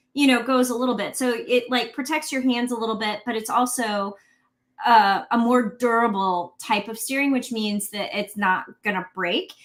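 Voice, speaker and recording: Woman cohost on a truck livestream, kinda high voice, explains stuff casually, lots of you know. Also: a bit bright. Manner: explanatory, easygoing with fillers. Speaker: co-host of a truck show.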